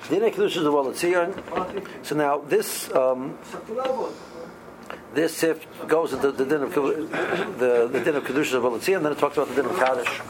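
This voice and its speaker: A man, teaching a halacha class in a halting way, with many ums and restarts. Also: medium pitch, crowd noise, rough recording. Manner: halting, many ums and restarts, mixes Hebrew and Aramaic terms. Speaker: Torah teacher. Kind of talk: halacha class explaining Jewish law.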